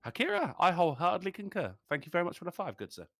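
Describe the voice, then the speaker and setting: A man's voice: high voice, huge pitch swings, rapid-fire, fairly bright tone, dry recording, clean studio sound, faint music behind. A man co-hosting a casual podcast chat, swearing freely and laughing often. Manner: profane, laughing, emphatic. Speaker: podcast co-host.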